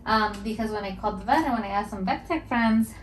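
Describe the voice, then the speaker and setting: A woman's voice: medium pitch, quick pace, a little hiss or hum, poor audio. Young woman vlogger, casual rambling monologue, mid-range voice. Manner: rambling and emotional, heavy use of filler "like". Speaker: mental health podcast host.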